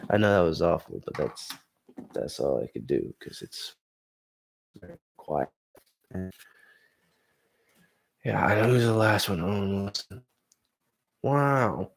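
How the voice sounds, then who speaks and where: Rambling, low-voiced young comedian streamer. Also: male voice, lively intonation, unhurried, gravelly, pauses often, a little hiss or hum. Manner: rambling, self-deprecating, crude. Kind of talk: casual live-stream chat.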